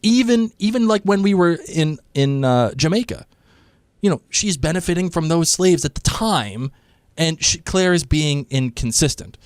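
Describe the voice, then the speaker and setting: A man co-hosting a casual podcast chat about a TV episode, talking in an animated way and slipping into quick character voices. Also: on the high side, smooth, no room sound, clean studio sound. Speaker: podcast co-host.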